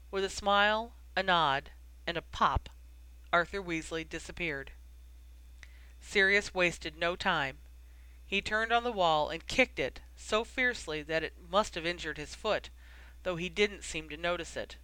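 An audiobook narrator reading a story aloud in a steady, even storytelling delivery. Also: mid-range voice, a little slow, smooth, no echo, low-quality recording. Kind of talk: scripted narration.

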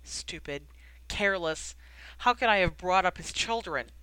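A grown wizard eaten up by guilt who lashes out at himself in bitter, self-reproaching bursts, as the audiobook reader voices him. The voice is bright and crisp with a dry, close sound. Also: medium pitch, animated, a little slow, no echo, low-quality recording. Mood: anguished.

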